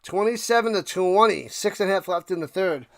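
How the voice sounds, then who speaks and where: A man hosting a live stream, mixing casual play-by-play of a football game with chat to viewers, getting loud on big plays and now and then coughing and clearing his throat. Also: sits high, fairly quick, no echo, studio quality.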